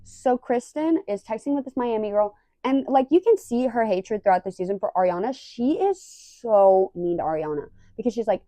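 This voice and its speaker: A young woman casually recapping a reality show, animated and acting out the quoted lines. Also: medium pitch, normal speed, few pauses, dry recording. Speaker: recap vlogger.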